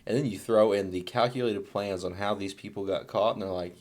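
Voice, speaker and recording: A man's voice: on the low side, a little fast, hardly any pauses. A man co-hosting a comedy podcast, ranting jokingly and putting on mock voices for quotes. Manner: animated, jokey rants with mock quotes. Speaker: podcast co-host. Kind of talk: casual comedy chat.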